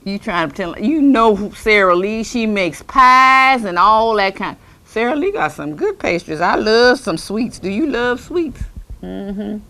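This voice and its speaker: A woman's voice: a little slow, exaggerated voice. A woman doing a rambling, ghost-seeing eccentric lady. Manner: rambling, scatterbrained, chats with invisible companions; lively, swooping pitch. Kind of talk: comedic character monologue.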